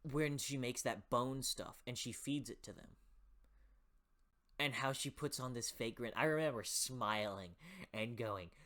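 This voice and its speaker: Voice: medium pitch, unhurried, fairly bright tone. A book reviewer talking in a casual, passionate way, swearing freely and often restarting sentences while thinking aloud.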